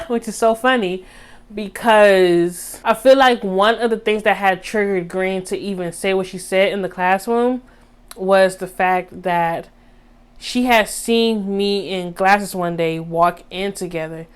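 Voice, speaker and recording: A young woman vlogger telling a story in a casual, animated way. She talks straight to her viewers in slang, and her voice jumps high for drama. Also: slow pace, clean tone. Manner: animated, dramatic retelling with sudden high squeaks.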